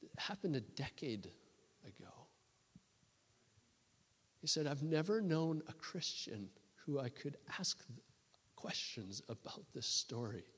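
A man preaching and telling a story to a church, with many restarts and a lively storytelling delivery. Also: medium pitch, slow pace, long pauses, husky. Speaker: guest preacher. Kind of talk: sermon storytelling. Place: church hall. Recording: long reverb of a church hall.

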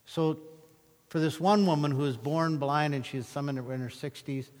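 A man preaching a sermon, telling Bible stories with animated, acted-out retellings of the scenes. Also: on the high side, moderate pace, in a large hall. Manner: animated storytelling, acting out scripture scenes. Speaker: pastor.

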